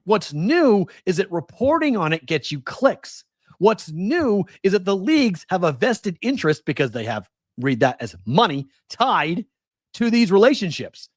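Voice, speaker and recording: A man's voice: high-pitched, no room sound, clean studio sound. A man with a Boston accent hosting a live sports betting show, ranting animatedly and firing off rhetorical questions. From Massachusetts.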